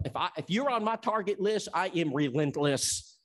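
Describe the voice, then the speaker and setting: A man's voice: a little high, sing-song, normal speed. A man from Tennessee who teaches an evangelism seminar. He preaches in an emphatic storytelling style and acts out the dialogue. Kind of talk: sermon.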